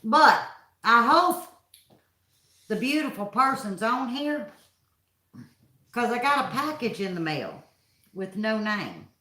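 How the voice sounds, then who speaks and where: A chatty woman hosts a casual live stream from her home, calling out viewers by name in a folksy way. Her voice is bright and forward, and the room rings with echo. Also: a little high, big pitch swings, slow, pauses often. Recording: echoey room.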